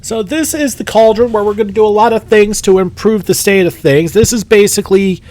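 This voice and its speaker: A man's voice: high-pitched, brisk, darkish tone. A middle-aged man hosting a gaming channel, giving upbeat, casual let's-play commentary with laughs.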